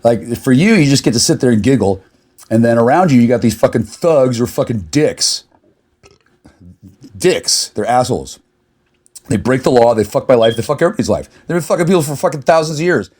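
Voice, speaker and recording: A man's voice: mid-range voice, lively intonation, brisk, pauses often, darkish tone. A man delivering a furious, confrontational rant to the camera, swearing constantly. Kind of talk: angry profane rant.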